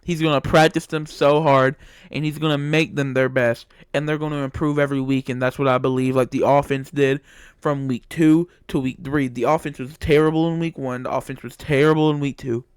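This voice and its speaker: A man's voice: mid-range voice, steady tone, fairly quick, clear, resonant tone, dry recording, studio quality. A young man giving a heated, repetitive opinion monologue about his football team as a channel host. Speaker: sports commentator. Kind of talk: casual sports opinion monologue.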